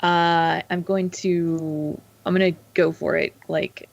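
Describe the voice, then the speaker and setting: A woman playing a tabletop role-playing game, talking in a playful, halting way with many fillers. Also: lowish voice, little pitch movement, creaky, dull audio. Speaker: player. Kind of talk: casual tabletop play.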